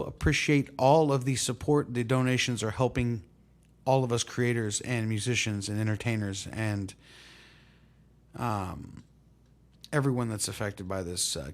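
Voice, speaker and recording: A man hosting his own music vlog, telling a story in a relaxed, rambling way with lots of fillers. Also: lowish voice. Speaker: host. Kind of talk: casual storytelling to camera.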